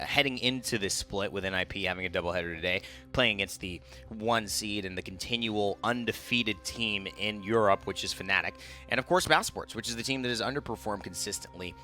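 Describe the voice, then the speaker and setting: A man's voice: on the low side, a little fast, sharp tone, soft background music. A young man casting an esports match, chatty and analytical, joking between picks. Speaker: esports caster. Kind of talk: play-by-play commentary.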